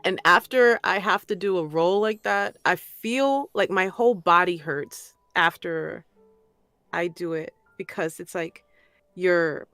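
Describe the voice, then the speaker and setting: Slow, low-voiced woman narrator chatting. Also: fairly bright tone, clear, resonant tone, no room sound, faint music behind. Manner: slow, thoughtful, self-conscious. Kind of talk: casual chat.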